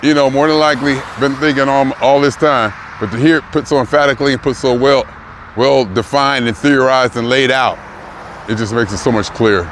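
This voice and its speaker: A man's voice: medium pitch, fairly even intonation, a little fast, a bit bright. A man in his sixties musing aloud in a rambling, emphatic casual vlog, repeating himself as he works through his thoughts. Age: 60s. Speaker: vlogger. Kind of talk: reflective casual monologue. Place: outdoors near a car rental lot. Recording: noisy outdoor street recording. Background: traffic and city noise.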